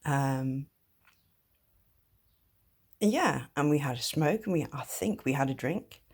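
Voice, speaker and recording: A woman speaking straight to one person in a personal vlog, halting, with many ums and restarts, blunt and swearing freely. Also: a bass voice, animated, darkish tone, husky. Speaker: vlogger.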